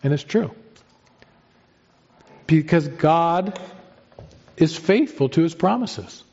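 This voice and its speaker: A male pastor preaching a sermon with emphatic delivery, drawn-out pauses and rising stresses. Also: on the high side, lively intonation, darkish tone, lo-fi sound.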